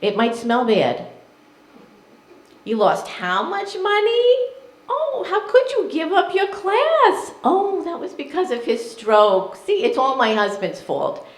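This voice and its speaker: Woman putting on a fussy old mom with a new york accent, high and nagging, echoey room. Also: sing-song, slow pace, heavily acted. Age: older. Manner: nagging, worried, bossy. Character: fussy elderly Jewish mother, New York. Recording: echoey room, live crowd.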